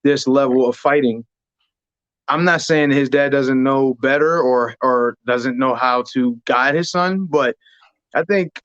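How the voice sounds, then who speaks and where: A man who is a podcast guest, talking in a measured, rambling way. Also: medium pitch, no echo, dull audio. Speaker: podcast guest, former boxer. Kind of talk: casual chat.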